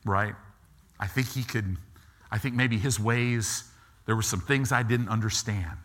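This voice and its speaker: A middle-aged man preaching a sermon, animated and acting out quick asides as he talks. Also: medium pitch. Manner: animated, acts out God and people in quick asides.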